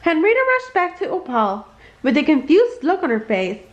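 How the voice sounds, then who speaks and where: Brief: woman, bedtime read-aloud, high and very animated, slightly roomy echo. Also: normal speed, lo-fi sound. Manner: expressive, jumps high for characters' lines. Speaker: storybook reader.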